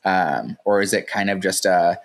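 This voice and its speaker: A man with a rather low voice hosts a casual podcast interview. He strings together long, winding questions and keeps the talk going with easy affirmations. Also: normal speed. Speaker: podcast host.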